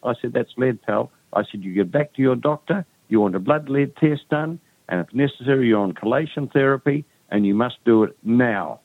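A man's voice: medium pitch, lively intonation, normal speed, few pauses, no echo. A man, speaking earnestly and urgently as a guest in a phone-in interview. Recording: dry tinny phone line.

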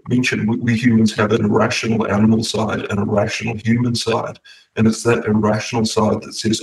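A man hosting a discussion who speaks in a measured, reflective way. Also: fairly low pitch, creaky, distant mic, low-quality recording. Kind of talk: casual discussion.

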